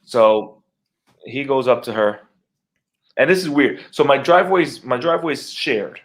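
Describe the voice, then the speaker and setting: A middle-aged podcast co-host with a medium-pitched voice tells a long story about a neighbor in an unhurried way. His talk is casual, profane, and animated, and he acts out his own reactions.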